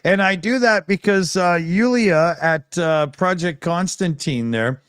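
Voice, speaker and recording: A man's voice: high voice, a little slow, fairly bright tone, clear, resonant tone, dry recording, studio quality. A man hosting a casual chat, tossing in wry joking asides. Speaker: host.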